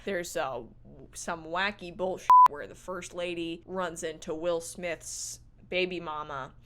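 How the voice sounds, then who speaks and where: A woman's voice: fairly low pitch, fairly even intonation, unhurried, pushed and bright. A young woman reviewing a movie in a casual vlog, playful and sarcastic, with casual swearing.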